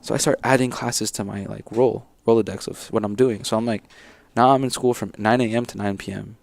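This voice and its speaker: A man's voice: fairly low pitch, fairly even intonation, brisk, gravelly, darkish tone, dry recording. A man telling his story casually as an interview guest, rambling and acting out what his teachers said. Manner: rambling, acts out teachers' lines.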